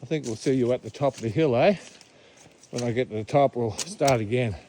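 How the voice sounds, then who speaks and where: A man's voice: mid-range voice, brisk, slight background noise, poor audio. Laid-back older Australian man outdoors. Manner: chatty, laid-back, hushed when near wildlife. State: out of breath from a steep climb. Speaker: vlogger on a bush walk. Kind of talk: casual walking commentary. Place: outdoors in the bush.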